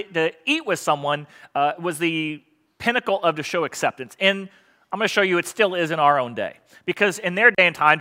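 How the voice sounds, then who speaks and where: Male pastor, animated sermon delivery with humor, bright tone. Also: fairly high pitch. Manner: animated and joking with the congregation. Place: church sanctuary.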